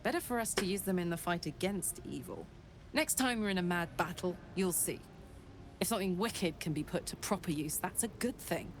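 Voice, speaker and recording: A hearty, blunt tiefling warrior in a video game. The voice sits a little low and stays breezy. A faint hiss of noise rides under the game audio. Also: female voice, lively intonation, normal speed. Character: brash cheerful female tiefling warrior with a fiery engine heart.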